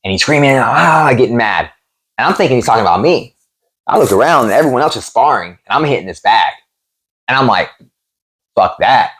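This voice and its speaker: A man who promotes MMA and used to fight, telling gym stories in a casual interview, profane and animated, acting out what people said. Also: medium pitch, quick pace. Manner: animated, profane, acts out quotes.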